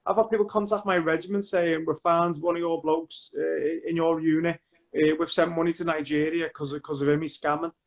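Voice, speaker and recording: A man with a Liverpool accent, a soldier guest on a casual video chat, speaking earnestly and haltingly with restarts. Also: fairly high pitch, level tone.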